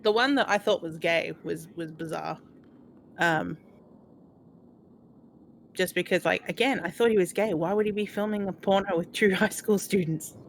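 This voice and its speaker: A woman's voice: lowish voice, normal speed, vocal fry, pauses often, a little hiss or hum. A woman streaming a retro game, chatting and telling rambling stories. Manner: rambling, chatty storytelling with fillers. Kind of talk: casual chat.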